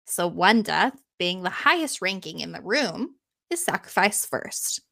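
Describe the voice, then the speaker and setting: A woman's voice: lowish voice, very animated, unhurried, creaky, pushed and bright. A woman retelling an old myth in a casual, chatty way, with laughing asides. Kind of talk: casual storytelling.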